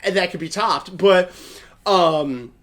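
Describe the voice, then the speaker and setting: A man's voice: high-pitched, slow pace, a bit bright. A young man co-hosting a podcast, recapping the night in upbeat, casually profane chat. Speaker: podcast co-host.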